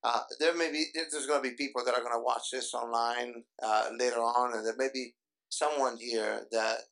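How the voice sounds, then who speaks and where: Gravelly-voiced pastor leading church service. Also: male voice, mid-range voice, steady tone, fairly bright tone. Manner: halting, many fillers. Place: church before a congregation.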